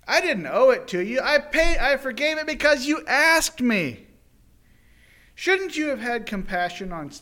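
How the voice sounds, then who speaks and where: A man's voice: medium pitch, a bit bright, voice pushed down. A man voicing a stern master who scolds his servant, reproachful and emphatic.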